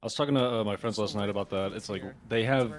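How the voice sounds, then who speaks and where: A man's voice: fairly low pitch, fast. A man streamer in casual co-stream banter, joking, profane and rambling.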